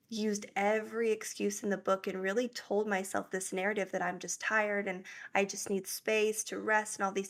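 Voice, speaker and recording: An earnest young woman talks through her story as a podcast guest, in a voice sitting at an ordinary middle pitch. She is reflective and open, and she shifts easily into quoting other people as she goes. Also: a bit bright. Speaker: guest, breathwork facilitator. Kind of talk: conversational interview.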